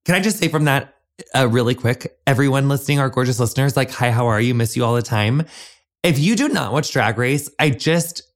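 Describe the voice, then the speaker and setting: A man's voice: medium pitch, lively intonation, a little fast. Gushing male podcast host. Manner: gushing, says "honey" and "gorgeous" often. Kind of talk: podcast introduction, chatty.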